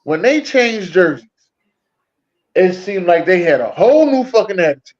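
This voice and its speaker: A man in casual sports chat, excitable and profane, laughing easily. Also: high-pitched, moderate pace, lo-fi sound.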